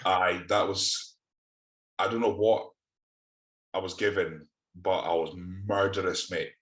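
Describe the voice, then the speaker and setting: Scottish man, low voice, casual sweary banter, echoey room. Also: fairly even intonation, takes it slowly, a bit bright. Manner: sweary, laughing storyteller. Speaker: podcast co-host. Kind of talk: casual chat.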